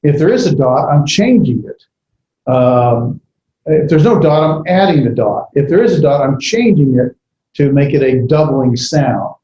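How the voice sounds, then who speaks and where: A man lectures on Hebrew grammar, pausing often and correcting himself as he goes. His voice sits a little high and sounds mellow. The recording is dull and roomy, with the echo of a classroom. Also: lively intonation, slight background noise. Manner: halting, many fillers and self-corrections. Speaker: Hebrew instructor.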